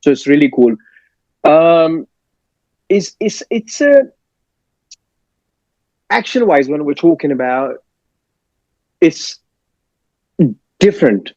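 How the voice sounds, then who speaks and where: A man, a martial arts actor, speaking hesitantly in a casual interview, pausing and searching for words. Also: a little high, very animated, a little mellow, no room sound. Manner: halting, many fillers, searching for words. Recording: dull dry audio.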